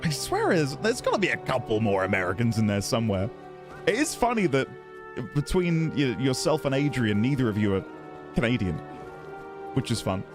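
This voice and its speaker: A man's voice: mid-range voice, huge pitch swings, moderate pace, music in the background. A man chatting casually on a live stream while playing a game, giggly and self-deprecating.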